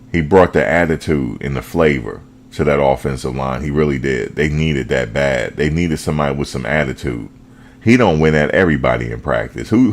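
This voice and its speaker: A man hosting a fan show, talking football in a casual, animated way, full of slang and repetition. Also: very deep voice. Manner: animated, repeats himself, slangy.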